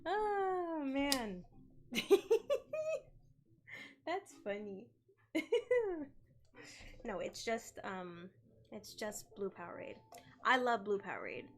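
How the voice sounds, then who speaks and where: A woman's voice: mid-range voice, very animated, extremely slow, pauses often. A young woman streaming a co-working session, chatting casually and giggling often as she reads and answers chat.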